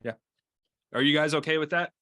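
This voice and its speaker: Man, EMT instructor, casual halting lecture, frequent restarts, bright tone, dry close sound. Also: fairly high pitch, dry recording. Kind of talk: lecture with anecdotes.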